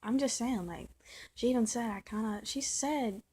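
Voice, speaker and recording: A woman's voice: a little high, moderate pace, mellow, a little hiss or hum. A woman talking straight to camera in a personal vlog, venting and often restarting and repeating her words. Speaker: vlogger.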